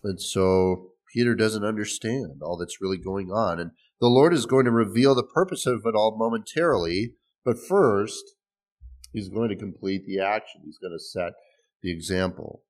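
A man's voice: on the low side, normal speed. Guy preaching a sermon, chatty and easygoing, stumbles and restarts now and then. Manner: conversational, with restarts and small laughs. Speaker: pastor.

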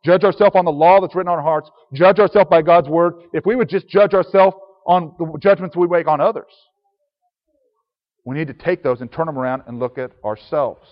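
Earnest preacher guy, kinda high voice, long echo in a church hall, reads old bible verses. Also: brisk. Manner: earnest, reads scripture aloud in King James wording. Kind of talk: sermon. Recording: dull sound with long reverb.

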